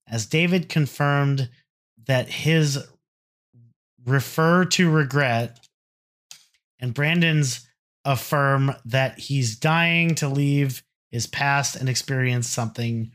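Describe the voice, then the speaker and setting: A man's voice: medium pitch, takes it slowly, fairly bright tone. A man co-hosting a casual podcast, reading song annotations aloud in a mocking, sarcastic way. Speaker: podcast co-host.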